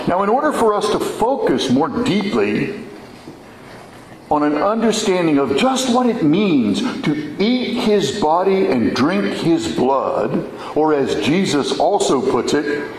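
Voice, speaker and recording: A man giving a sermon in a church, telling his story in a slow, earnest way. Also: a little high, reverberant, slight background noise, poor audio. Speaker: preacher.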